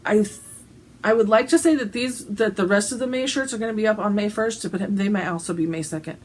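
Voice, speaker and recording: A woman's voice: medium pitch, brisk, a little mellow, a little hiss or hum, rough recording. A woman chatting casually to camera about her shirts, giggly, with plenty of ums and restarts. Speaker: cross-stitch vlogger selling shirts.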